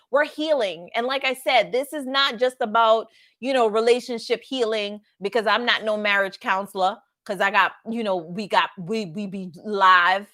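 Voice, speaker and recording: A woman's voice: medium pitch, sharp tone. A woman, chatting casually and laughing with her viewers. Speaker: vlogger. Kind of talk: casual chat.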